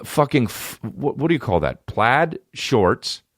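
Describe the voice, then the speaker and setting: A man's voice: medium pitch, very animated, unhurried, a bit bright, breathy edge, no echo, studio quality. A man in his thirties hosting a comedy podcast, riffing profanely and slipping into mocking voices. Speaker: podcast host.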